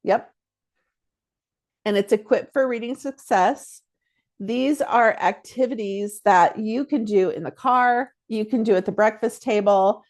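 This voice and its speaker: A woman's voice: mid-range voice, a little mellow. Woman, reading tutor, casual how-to explainer, chatty, demonstrates drills. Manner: chatty, self-correcting, demonstrates drills aloud. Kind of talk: casual instructional talk.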